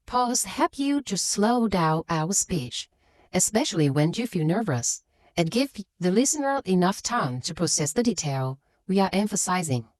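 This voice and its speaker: This is a female English teacher giving a scripted lesson, moderately paced, in a fairly low but very energetic voice that strongly emphasizes certain words. Recorded close and dry, it has no room sound.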